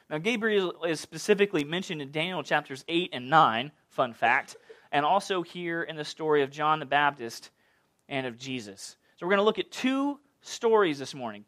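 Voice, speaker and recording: A man preaching a sermon in a playful, animated way, full of jokes and asides. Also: on the high side. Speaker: pastor.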